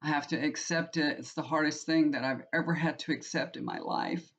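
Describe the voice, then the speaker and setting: A tarot reader and channel host chats with her viewers in a rambling, heartfelt way, restarting often. Her voice is low-pitched, steady, brisk and fairly bright, captured on a muffled lo-fi recording.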